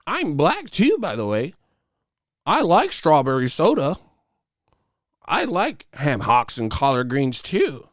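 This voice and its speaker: A man's voice: on the high side, wildly swooping pitch, takes it slowly, pauses often, no room sound, studio quality, pitched above the performer's own voice, heavily acted. A man putting on a chirpy, nerdy online commenter. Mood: over-eager. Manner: over-eager, chirpy, trying too hard. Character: eager, nerdy adult male online commenter.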